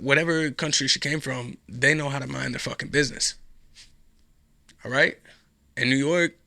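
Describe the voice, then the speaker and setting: A man hosts his own podcast, riffing alone in a loose, sarcastic and profane ramble. His voice is gravelly with a bright, tense edge. It is recorded close and dry, with no room sound. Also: mid-range voice, no echo. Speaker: podcast host. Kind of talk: casual solo commentary.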